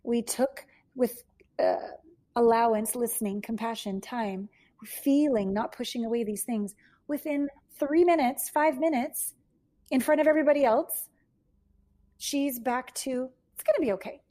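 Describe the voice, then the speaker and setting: A woman relationship coach talking as a podcast guest, energetic and enthusiastic as she tells stories. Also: on the high side, unhurried. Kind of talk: casual conversation.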